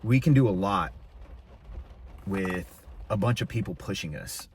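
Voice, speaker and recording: A middle-aged man with a lowish voice hosts a relaxed conversation. He talks with energy and jumps into high, playful voices when he quotes people. A faint hum of room noise sits under his voice. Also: unhurried. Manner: animated, acts out quotes with sudden high voices. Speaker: podcast host. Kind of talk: casual chat.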